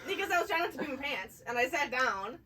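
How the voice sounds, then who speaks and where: A woman's voice: sits high, expressive, fast talker, bright, forceful tone. A young woman telling a funny story among friends, often breaking into laughter. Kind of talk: casual chat. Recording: noisy room, distant mic.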